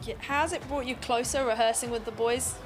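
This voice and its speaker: A woman's voice: on the high side, fairly even intonation. Upbeat woman co-interviewer, music behind. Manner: upbeat, quick affirmations. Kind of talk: casual backstage interview.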